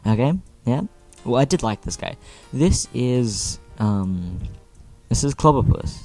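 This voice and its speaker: A young man giving casual, animated commentary over his own gameplay, joking with exaggerated dismay. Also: medium pitch, slow, faint music behind. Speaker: gaming video host.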